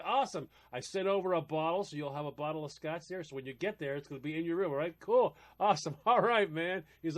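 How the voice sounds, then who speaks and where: A man's voice: on the high side, quick pace, hardly any pauses, a little hiss or hum. A man co-hosting a casual podcast chat, telling a funny story and acting out voices, laughing often. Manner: animated, laughing, acts out quoted voices. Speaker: podcast co-host.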